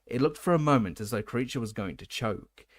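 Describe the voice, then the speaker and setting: A man reading an audiobook aloud at a steady pace, with occasional stumbles and self-corrections. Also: medium pitch, fairly quick, no echo, studio quality. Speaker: audiobook reader. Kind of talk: audiobook narration.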